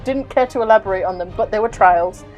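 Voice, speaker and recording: Woman voicing a grieving sorceress, indignant, quick and loud. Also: medium pitch, muffled recording, faint music behind, lightly acted. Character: grieving woman demanding her lover back.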